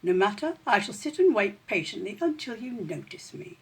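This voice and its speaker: A woman voicing a boastful, hungry male rat who shouts his threats loudly, in a storybook reading. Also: mid-range voice, sing-song, moderate pace, slightly rough. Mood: scheming. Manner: loud, blustering boasts.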